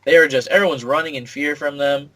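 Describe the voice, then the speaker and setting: A man's voice: a little high, fairly even intonation, fast talker, fairly bright tone, low-quality recording. A man co-hosting a podcast in casual chat, joking with mock announcements. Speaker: podcast co-host.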